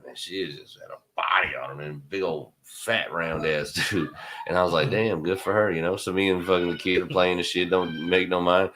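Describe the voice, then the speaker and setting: A middle-aged man with a low voice and a bright, forceful edge, telling crude stories in casual podcast chat. He laughs often as he talks. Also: steady tone, brisk. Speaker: podcast co-host.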